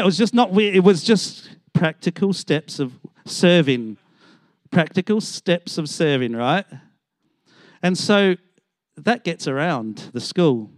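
Animated male pastor. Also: a little high, measured pace, no room sound, studio quality. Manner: animated, acts out other people's voices in his stories. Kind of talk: storytelling sermon.

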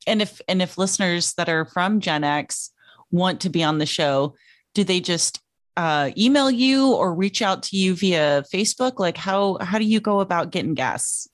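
A woman's voice: lowish voice, expressive, normal speed, no echo, clean studio sound. A woman hosting a podcast, chatting casually and with enthusiasm. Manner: bubbly, enthusiastic. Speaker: podcast host.

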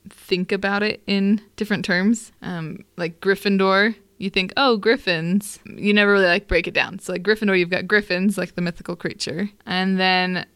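A young woman co-hosts a casual podcast chat, her voice bright and crisp as she lays out word origins slowly and carefully. The sound is dry and close, with a slightly low pitch. She talks in an easy, conversational way. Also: dry recording. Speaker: podcast co-host.

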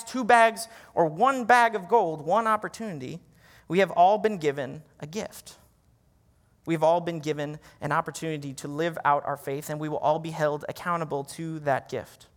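A man's voice: high voice, fairly bright tone, in a large hall. A male pastor preaching a sermon in a conversational, self-deprecating way. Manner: conversational, laughs at himself.

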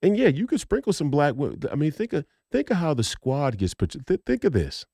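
A man's voice: fairly high pitch, wildly swooping pitch, fairly quick, dark tone, slightly rough, dry recording, clean studio sound. A man, co-hosting a podcast, talking heatedly in a rambling, profane way with many restarts. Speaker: podcast co-host. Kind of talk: casual political chat.

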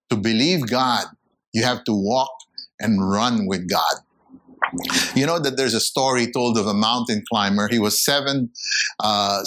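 Bright-voiced male preacher. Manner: emphatic preaching, rising high when acting out voices. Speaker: pastor. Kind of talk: sermon.

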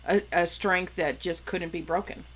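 A woman chatting casually on a podcast, recounting a story in halting bits with fillers and restarts. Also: fairly low pitch, fairly even intonation, a bit bright. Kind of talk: casual chat.

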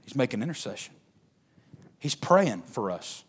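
A man preaching a sermon in a folksy, joking way, swinging from low and soft to loud, high shouting. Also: big pitch swings, unhurried, husky.

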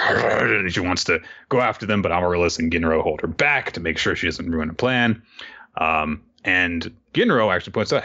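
A man casually recapping a story chapter, animated, quoting the characters in goofy voices. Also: low voice. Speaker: podcast co-host. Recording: dull lo-fi audio.

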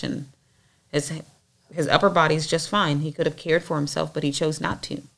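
Low, gravelly woman reading scripture. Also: a bit bright. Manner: conversational, thinking aloud with fillers. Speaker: Bible study reader and discussion leader. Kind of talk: reading scripture aloud and casual discussion.

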